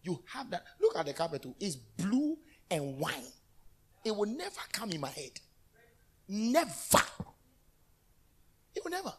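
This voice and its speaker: A man preaching a lively call-and-response sermon in a church. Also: on the high side, normal speed, breathy edge. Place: church hall.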